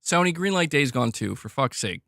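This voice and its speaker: A man hosting a livestream, ranting in a heated, animated way and swearing freely while reading chat. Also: mid-range voice, moderate pace, gravelly, dry recording, studio quality. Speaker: streamer host. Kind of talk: casual livestream rant.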